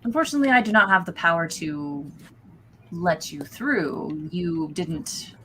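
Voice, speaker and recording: An eerie, entranced male cultist, calm and quietly mocking, drawing his words out slowly, as a woman puts him on. The voice sits fairly low, and a faint hiss runs underneath it. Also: poor audio. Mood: amused, eerie. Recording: faint background noise.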